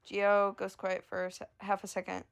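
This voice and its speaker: A woman reading a story she is writing out loud at home, in a casual, self-amused way. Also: mid-range voice, monotone, moderate pace, gravelly, clean tone. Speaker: amateur storyteller. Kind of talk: reading her own story aloud.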